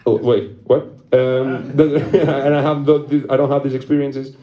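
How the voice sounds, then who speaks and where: A man's voice: mid-range voice, little pitch movement, normal speed, echoey room, lo-fi sound. A young man performing a stand-up comedy set, telling a rambling story, laughing at his own jokes and swearing casually.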